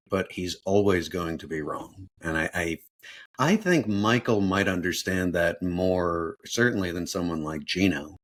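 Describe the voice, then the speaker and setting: A man with a very low, deep voice talks in a relaxed podcast chat. He rambles and fills his pauses with ums and uhs as he works through his thoughts. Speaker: podcast guest. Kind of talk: casual chat.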